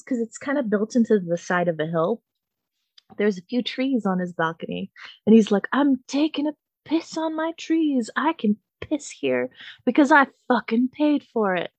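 A woman's voice: on the low side, dry recording, muffled recording. Swearing, laughing woman telling a story. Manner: animated, laughing, swears freely, acts out quotes. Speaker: podcast host. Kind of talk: casual storytelling chat.

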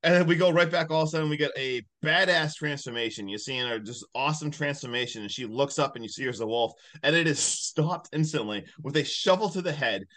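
A man co-hosting a podcast, excitedly retelling movie scenes in casual chat. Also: fairly high pitch, fast talker, hardly any pauses. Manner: excitable storyteller, acts out scenes. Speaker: podcast co-host.

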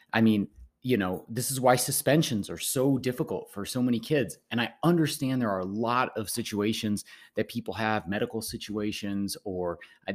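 Rambling teacher lecturing his podcast listeners. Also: lowish voice. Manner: rambling, repeats words, animated lectures. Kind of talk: casual advice monologue.

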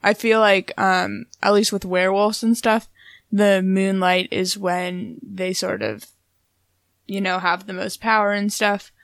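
A woman's voice: mid-range voice, unhurried, no room sound. A young woman co-hosting a podcast, chatting casually about song lyrics in a dry, matter-of-fact, teasing way. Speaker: podcast co-host.

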